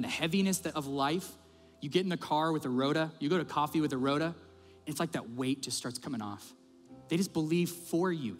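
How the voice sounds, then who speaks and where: A male pastor preaches in a slightly raised voice, animated and conversational as he tells stories. His voice carries a long hall reverb, with faint music playing underneath. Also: fairly high pitch. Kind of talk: sermon. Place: church auditorium.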